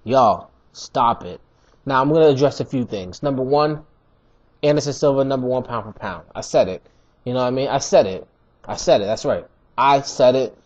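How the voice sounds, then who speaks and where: Husky slangy man ranting about fights. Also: mid-range voice, fairly quick. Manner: animated, slangy, emphatic repetition. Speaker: MMA commentator. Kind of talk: casual fight review rant. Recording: dull lo-fi recording.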